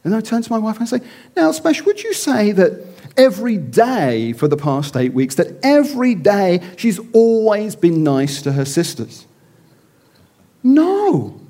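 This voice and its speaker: Middle-aged man, preacher, sermon, animated storytelling, expressive swooping delivery. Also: very high voice. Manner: animated storytelling with acted-out voices.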